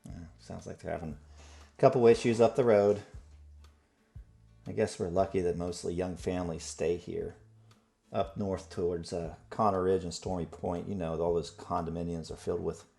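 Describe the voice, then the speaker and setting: A man's voice: sits low, steady tone, moderate pace, creaky, warm tone, faint music behind. A man voicing a chatty, snide woman bartender who gossips about locals. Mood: gossipy.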